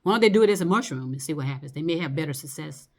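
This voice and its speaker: A woman with a notably low voice talks in a loose, rambling monologue. She drifts between thoughts, circles back on herself and swears freely. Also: lively intonation, rapid-fire, darkish tone. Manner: rambling, loose and profane, lots of fillers and laughs.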